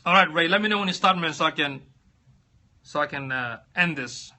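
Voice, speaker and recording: This host's voice is fairly high, a little fast, pushed and bright. On his casual stream he wanders through his thoughts aloud as he searches, picking up viewer comments to reply to.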